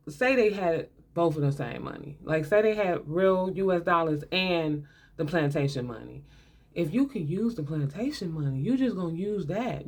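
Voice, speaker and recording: A woman talks through a movie in a loose, chatty way, with a sarcastic edge and plenty of laughter. Her voice sits on the lower side, and she keeps things casual and colloquial. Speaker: movie commentator.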